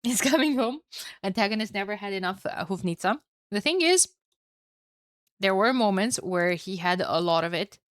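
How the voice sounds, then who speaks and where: Smooth-voiced woman casting a strategy game. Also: mid-range voice, normal speed, no room sound, studio quality. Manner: chatty, excitable, swears and laughs at herself. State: tired with a headache. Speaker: esports caster. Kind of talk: solo game commentary to a live chat.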